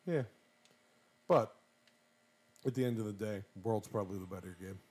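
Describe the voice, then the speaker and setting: A man's voice: lowish voice, normal speed, darkish tone, husky. A man in his thirties co-hosts a laid-back podcast conversation. He jokes freely and keeps slipping into goofy voices to act out bits. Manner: joking, jumps into goofy quoted voices. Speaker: podcast co-host. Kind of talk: casual chat.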